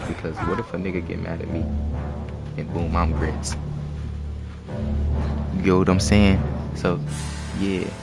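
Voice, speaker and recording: A man's voice: low-pitched, level tone, measured pace, creaky, pauses often. A young man telling a story in a loose, slangy, rambling way on a casual live stream. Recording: music playing behind.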